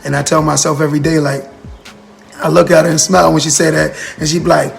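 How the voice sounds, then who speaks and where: On a motivational livestream, a man with a gravelly, slightly high voice speaks earnestly and quickly, repeating himself and responding directly to viewers and their comments. His pitch stays fairly flat in this casual talk. Soft music plays faintly in the background.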